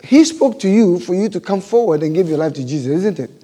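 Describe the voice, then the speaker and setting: A man's voice: high-pitched, animated, fast, mellow, husky. A male pastor preaching a sermon, asking the congregation question after question.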